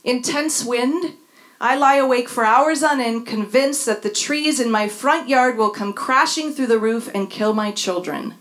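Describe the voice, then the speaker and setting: A woman's voice: a little high, measured pace, a bit bright. A middle-aged woman reading a candid personal essay on stage, wry and dryly humorous. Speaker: speaker sharing a personal story. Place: stage before a live audience.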